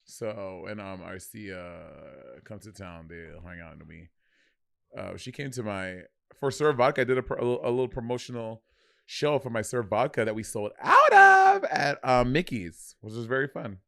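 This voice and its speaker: A man's voice: on the low side, very animated, normal speed, vocal fry, pushed and bright, no room sound, clean studio sound. A man with a New York accent co-hosting a podcast, brash and profane, teasing in street slang. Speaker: podcast co-host. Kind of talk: casual podcast banter.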